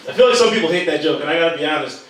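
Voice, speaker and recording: A man's voice: on the high side, very fast. A man doing a stand-up routine on a comedy club stage, joking and ranting with mock anger. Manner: lively, joking, mock-angry rants. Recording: echoey room, distant mic, loud crowd.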